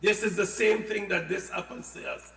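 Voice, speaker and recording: A man explaining health products in casual, animated talk, often repeating words and adding playful asides. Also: high-pitched, normal speed, gravelly, a little hiss or hum. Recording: echoey studio with long reverb.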